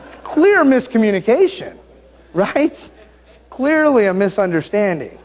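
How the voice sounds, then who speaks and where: Fairly high-pitched and speaking at normal speed with long pauses, a man delivers a sermon. He acts out the story's scenes with lively storytelling, cracking jokes and breaking off into asides.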